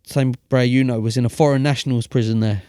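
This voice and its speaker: A man with a London accent, co-hosting a podcast and telling stories in a slangy, animated way. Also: mid-range voice, fast, clean tone, no room sound, clean studio sound. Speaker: podcast co-host. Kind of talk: casual chat, storytelling.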